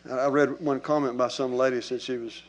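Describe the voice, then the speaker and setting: A man's voice: mid-range voice, flat delivery, fairly quick. A man preaching a sermon to his congregation in a church. He talks in an emphatic, conversational way and calls out to the people in front of him. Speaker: pastor.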